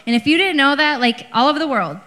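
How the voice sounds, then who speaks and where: A woman with a high, bright voice tells her testimony on a church stage. She rushes through it in a fast, earnest way. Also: lively intonation. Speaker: church guest, college director.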